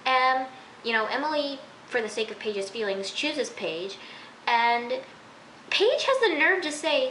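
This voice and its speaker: A woman's voice: sits high, lively intonation, normal speed, fairly bright tone, a little hiss or hum. A woman giving a casual, exasperated vlog review of a TV episode, chatty and full of fillers. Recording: roomy echo.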